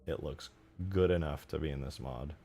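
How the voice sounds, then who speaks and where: A man giving relaxed, rambling commentary while modding a game, often correcting himself as he goes. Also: very deep voice, moderate pace. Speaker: modding streamer. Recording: faint background music.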